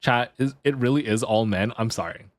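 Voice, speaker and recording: A man streaming live, chatting casually and telling a story to his chat, jumping into high excited yelps when he gets worked up. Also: fairly quick, no echo. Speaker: VTuber streamer.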